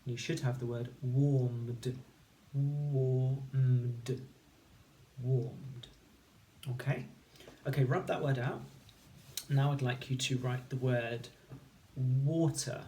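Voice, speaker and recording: A man teaching a recorded phonics lesson, sounding out words slowly and clearly, one sound at a time. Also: medium pitch, steady tone, warm tone, slight background noise. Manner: slow, clear, patient instruction with sound-by-sound segmenting. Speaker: primary school teacher.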